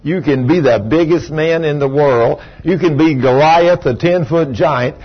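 Older man, preaching, husky voice, slightly high, dull lo-fi recording. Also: measured pace. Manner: animated storytelling, acting out voices. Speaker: pastor. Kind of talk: sermon.

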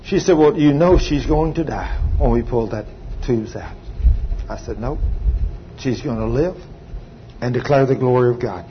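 An older man preaching a sermon, telling a testimony with emphatic, drawn-out phrases. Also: medium pitch. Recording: slightly dull sound, faint background hum.

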